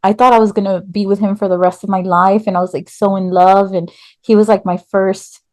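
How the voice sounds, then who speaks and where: A woman's voice: mid-range voice, flat delivery, brisk, a little mellow, dry recording. A woman in her thirties from Texas, candidly telling her life story as a podcast guest, with lots of filler words. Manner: chatty, many "like" fillers.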